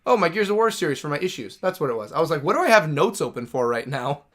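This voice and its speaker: Gaming streamer, man, slightly high and bright voice, rambling casual storyteller who swears a lot. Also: sing-song, quick pace. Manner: rambling, self-correcting, swears freely. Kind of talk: casual storytelling while playing.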